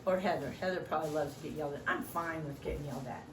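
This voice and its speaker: A woman's voice: on the low side, brisk, echoey room, recorded from a distance, slight background noise, rough recording. A middle-aged woman training volunteers in a meeting room, joking often and acting out what other people say. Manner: animated, joking, acts out quoted voices.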